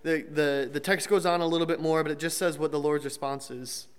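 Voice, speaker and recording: A young man preaches in a slightly higher voice, talking through scripture casually with the odd joke and self-correction. His voice rings out with a long reverb tail, as though recorded in a big church hall. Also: fairly even intonation, fairly quick, clear, resonant tone. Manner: conversational, with restarts and light humor. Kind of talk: sermon.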